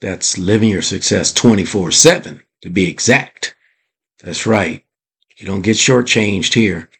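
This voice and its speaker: A man hosting a motivational podcast, telling a story in a drawn-out, deliberate way and putting rhetorical questions to his listeners. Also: low voice, slightly rough. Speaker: podcast host.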